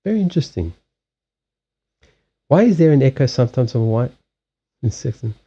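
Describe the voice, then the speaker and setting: A man with a Southern African accent chatting on his livestream, his pitch swinging up and down as he gets animated. His voice is mellow and warm, he swears freely and laughs often. The mic sounds a bit dull and lo-fi. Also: moderate pace, slightly rough. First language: Portuguese. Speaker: card reader and livestream host. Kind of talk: casual livestream chat. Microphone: USB headset mic.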